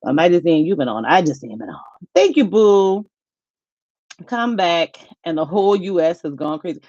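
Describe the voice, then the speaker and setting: A middle-aged woman, hosting a casual live-stream chat, animated and laughing often. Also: fairly low pitch, normal speed, dry recording, dull audio. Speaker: HR YouTube channel host. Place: home.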